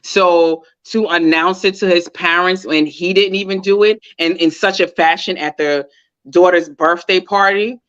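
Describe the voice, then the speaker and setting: A woman chats through a reality show recap, retelling scenes with animated commentary. Her voice comes through dull, lo-fi audio that lacks crispness. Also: fairly low pitch, unhurried. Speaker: podcast co-host. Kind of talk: casual reality TV recap chat.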